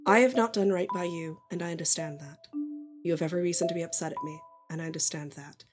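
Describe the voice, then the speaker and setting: Casting: woman doing a soft-spoken, regretful mother, low-pitched and measured, faint music under it. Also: natural voice. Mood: earnest. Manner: quiet, measured, earnest. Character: guarded regretful mother, woman, middle-aged.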